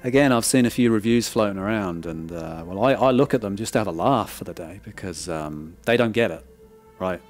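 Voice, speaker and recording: A man's voice: fairly low pitch, animated, a little fast, faint music behind. A man giving a frank, casual review of a film disc, often checking in with "right?" and restarting his words.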